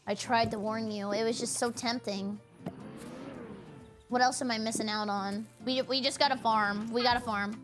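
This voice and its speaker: A woman streamer giving playful, excitable commentary while she plays a game, breaking into yelps and giggles. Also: fairly high pitch, moderate pace, over music. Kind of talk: casual gameplay commentary.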